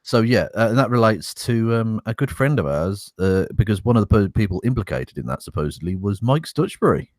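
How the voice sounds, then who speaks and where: A man's voice: lowish voice, sing-song, fairly quick, hardly any pauses, no echo, studio quality. A man co-hosting a casual podcast, reading a statement aloud with wry, sarcastic asides and swearing. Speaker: podcast co-host.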